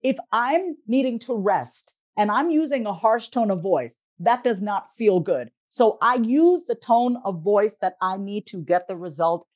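A woman therapist and life coach talks as a podcast guest, direct and emphatic in a motivational way. Her voice sits in a middle pitch range. The recording is dry, with no room sound. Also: animated, unhurried, few pauses, no echo. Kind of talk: podcast interview talk.

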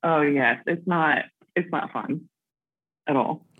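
A woman's voice: sits low, slow pace, breathy edge, no room sound. An American woman calling in to a podcast, chatting casually and filling her speech with "like" and "um". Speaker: caller. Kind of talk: casual phone chat. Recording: tinny dry phone line.

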